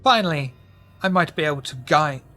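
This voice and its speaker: A man acting as game master, reading long letters aloud in a lowered, measured voice. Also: very animated, bright, forceful tone, faint music behind.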